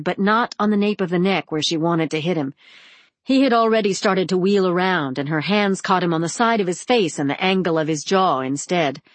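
A woman narrating an audiobook with a steady, expressive reading. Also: medium pitch, dry recording.

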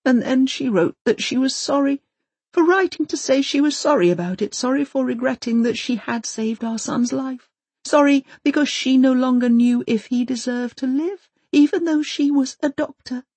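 A woman voicing a grieving, soft-spoken elderly woman in an audiobook. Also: a little high, animated, moderate pace, hardly any pauses, husky, no room sound, pitched above the performer's own voice. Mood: anguished.

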